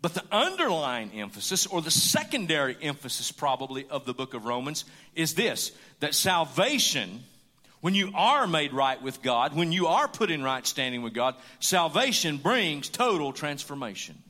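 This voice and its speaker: A man's voice: on the high side, sing-song, normal speed, pushed and bright. A man preaching a sermon with emphasis, repeating his key lines for weight. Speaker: pastor. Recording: hall reverb.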